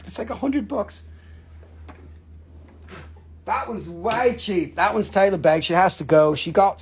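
High-ish husky guy, half aussie half northern english accent, rambly and sweary selling rocks on a live stream. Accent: mixed Australian and Northern English. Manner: excitable, swears freely, rambling. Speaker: live-stream crystal seller. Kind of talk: casual live sales stream.

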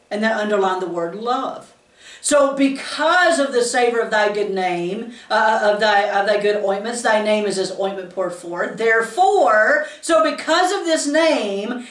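A woman giving a conversational devotional talk, earnest and homey, with lively asides to her listeners. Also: on the high side. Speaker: pastor's wife giving a devotional. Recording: roomy sound from a distant mic.

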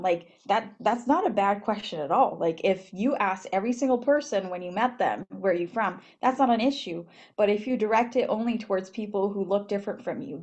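A young woman from Japan talking on a panel, rambling with many fillers and animated retelling of her experiences. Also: medium pitch, muffled recording. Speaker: student panelist. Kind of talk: casual panel talk. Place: event hall.

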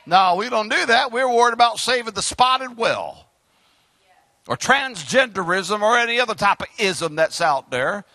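A male pastor preaching an impassioned sermon, breaking into shouts. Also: high-pitched, lively intonation, normal speed, dry recording. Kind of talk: fiery sermon.

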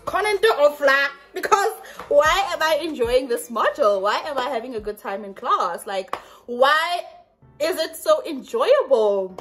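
A young woman, rambling casually to her viewers in a vlog and calling them "guys" all the time. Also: fairly high pitch. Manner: chatty, rambling, keeps saying "guys". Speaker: vlogger.

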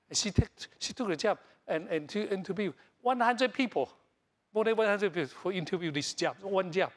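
Taiwanese-born pastor guy, husky voice, halting english, lots of "you know", goes loud then soft. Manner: broken English, repeats words and many fillers; animated, jumps between loud highs and soft lows. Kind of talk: sermon.

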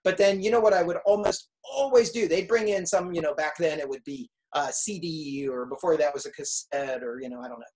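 A middle-aged man, a music teacher, giving casual advice to students in an animated, storytelling way, often acting out what kids say. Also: a little high, fairly quick, few pauses, low-quality recording.

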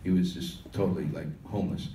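An older musician tells a loose, rambling story with restarts to an audience at a live Q&A in a conference hall. His low, warm voice is fairly even in intonation and a little fast. The sound is echoey and distant, with a little hiss or hum.

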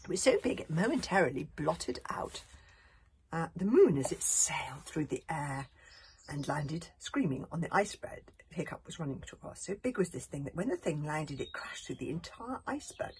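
Expressive woman reading a children's book. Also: sits low, moderate pace, slight background noise. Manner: expressive, drops to whispers, laughs at slips and adds asides. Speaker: reader.

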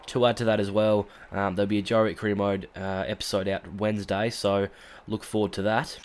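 An Australian man with a congested, stuffy voice from a cold, giving chatty let's-play commentary with lots of fillers and sudden excited outbursts. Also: on the low side, fairly quick. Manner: chatty, rambling with fillers, bursts into excited shouts at big moments. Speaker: gaming YouTuber.

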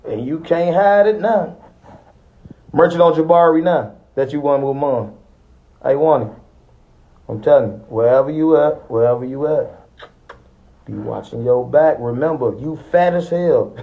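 Trash-talking young man, higher voice. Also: unhurried, long pauses, muffled recording. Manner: boastful, trash-talking, threatening. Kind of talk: taunting rant to viewers.

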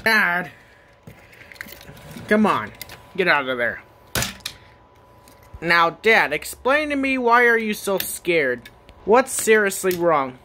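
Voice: mid-range voice, animated, measured pace, bright, forceful tone, slight background noise. A performer in a comedy skit, scolding and exasperated. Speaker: skit performer playing the son.

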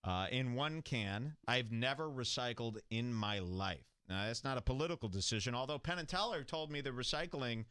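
Male comedy host: sarcastic, jokey, bright tone, dry close sound. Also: medium pitch, moderate pace, few pauses, clean tone, no echo. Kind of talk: mocking commentary over a clip.

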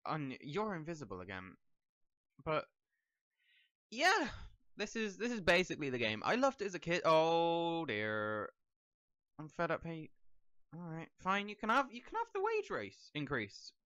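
A man's voice: a little high, wildly swooping pitch, unhurried, long pauses, a bit bright, no echo, dull audio. A young man giving casual gameplay commentary, rambling and talking to the characters on screen. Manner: rambling, talks to the game characters. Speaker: let's play gamer.

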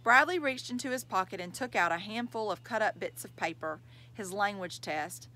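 A woman reading a children's novel aloud in an expressive storytelling manner. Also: medium pitch, normal speed, poor audio. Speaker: reader.

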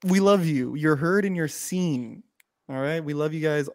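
Man, podcast co-host, animated storyteller, laughs often, fairly high voice. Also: a little slow. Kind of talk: casual livestreamed podcast chat.

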